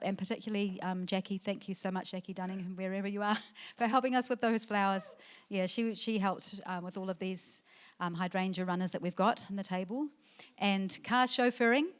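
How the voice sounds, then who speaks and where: A middle-aged woman gives a heartfelt wedding reception speech into a handheld microphone. She talks in a halting way, with fillers and restarts, and her voice fills with emotion. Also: medium pitch. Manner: emotional, tearful at times, laughing through the speech. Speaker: mother of the bride giving a speech. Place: wedding reception venue, indoors.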